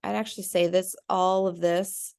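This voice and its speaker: Chatty woman teacher with a gravelly low voice. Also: little pitch movement, moderate pace, a little mellow. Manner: chatty, full of ums and "right?". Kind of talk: casual screen-share lesson.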